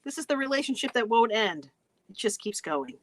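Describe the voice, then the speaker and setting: Woman, co-host, casual chat, giggly, lively pitch, dry close sound. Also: brisk, no room sound. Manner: giggly, animated.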